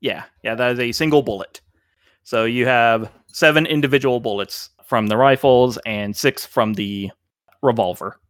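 A man narrating as game master, relaxed and rambling with many fillers. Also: mid-range voice, moderate pace, no room sound, studio quality.

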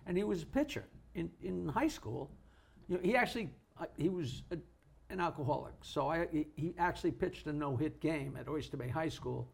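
An older man from Long Island with a high, gravelly voice. He rambles through his memories, restarting sentences and chuckling as he goes. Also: animated, a little fast. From Long Island, New York. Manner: rambling storyteller, laughs mid-story, restarts often. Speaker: co-host. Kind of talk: casual reminiscing chat.

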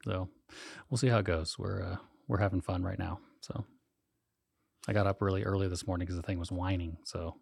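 A middle-aged man with a very low, gravelly voice chats loosely on a podcast, rambling and laughing as he goes. He's recovering from sinus surgery. The sound is close and dry. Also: steady tone, brisk, a little mellow, no room sound. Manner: easygoing, laughs often, rambling. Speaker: podcast co-host. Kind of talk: casual chat.

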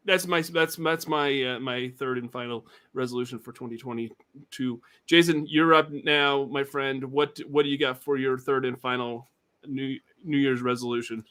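A man's voice: medium pitch, fairly even intonation, normal speed, a bit bright. A man hosting a casual livestream chat, rambling with many fillers and restarts. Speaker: podcast host.

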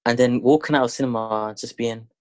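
Brief: relaxed podcast host, dry close sound. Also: male voice, medium pitch, quick pace, no echo. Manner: laid-back, teasing, steers the talk. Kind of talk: casual chat.

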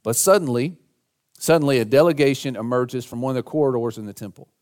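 A male pastor delivers a sermon into a church microphone. His voice sits at a middle pitch, and he rises to loud, emphatic lines when he quotes scripture. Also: fast talker.

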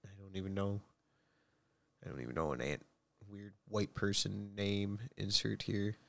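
A man's voice: lowish voice, steady tone, normal speed, vocal fry, fairly bright tone, dry recording. A young man co-hosting a casual podcast, joking crudely with a wry manner. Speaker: podcast co-host. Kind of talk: casual chat.

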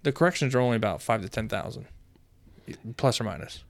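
A man's voice: mid-range voice, expressive, fast talker, creaky. A man co-hosting a podcast in loose, profane casual chat, rambling with restarts. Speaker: podcast co-host.

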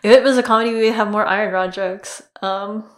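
A woman's voice: medium pitch, fairly even intonation, fast, echoey room. A woman co-hosting a casual podcast chat, talking freely with many fillers and frequent laughs. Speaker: podcast co-host.

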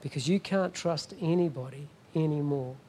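A man's voice: a little high, normal speed, warm tone, slight background noise. A middle-aged man preaching a sermon as a guest pastor, emphatic and often asking the congregation "Amen?".

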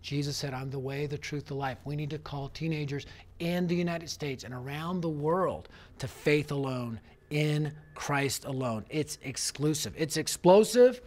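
Animated man preaching a story-driven sermon. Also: normal speed. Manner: animated storytelling, acting out voices, drops low and quiet for serious points. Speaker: youth evangelist.

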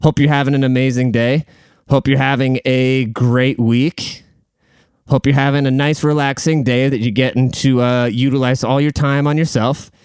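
A man's voice: medium pitch, fairly even intonation, normal speed, a little mellow, clean tone, no echo, studio quality. A man hosting a casual solo podcast from a room at home, rambling bluntly and swearing freely. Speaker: podcast host.

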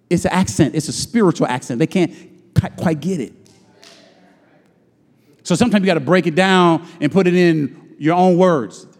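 A pastor preaching a sermon, swinging from loud shouted lines to low murmurs and drawing out his phrases. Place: church sanctuary. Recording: long hall reverb.

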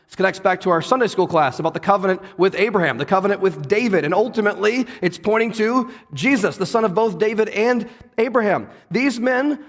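A man's voice: high-pitched, a little fast. A man pastor preaching a sermon in a church, earnest and conversational, often turning to the listeners with questions. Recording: long hall reverb.

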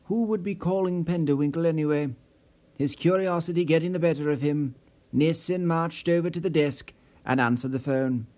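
A man reading a story in steady, measured scripted narration. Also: a little high. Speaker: audiobook narrator.

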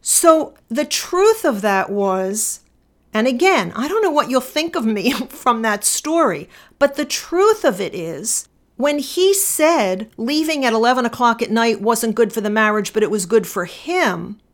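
Measured middle-aged woman, slightly high voice. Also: animated. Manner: measured, deliberate, slowing for emphasis. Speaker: attorney. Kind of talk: personal storytelling and reflection.

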